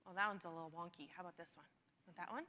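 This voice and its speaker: A woman's voice: lowish voice, rapid-fire, pushed and bright, slight background noise. A woman leading a church congregation in sharing time, chatty and encouraging, laughing often. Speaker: church worship leader. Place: church sanctuary. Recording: long reverb of a church hall.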